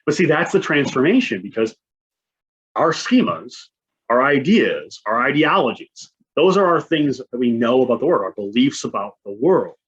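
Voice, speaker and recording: A man gives a conference talk in a relaxed, conversational way, checking in with the audience through constant "right?" tags. His voice is husky. The recording sounds muffled and lo-fi. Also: medium pitch, normal speed. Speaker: conference presenter. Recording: dull lo-fi sound.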